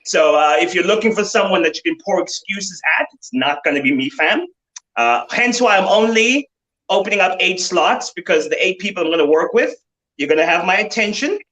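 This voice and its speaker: A man's voice: high-pitched, expressive, brisk, fairly bright tone, low-quality recording. A man, a fitness coach, talking about his coaching approach with confident emphasis and frequent restarts. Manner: confident, emphatic, repeats words when starting. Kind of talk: panel talk.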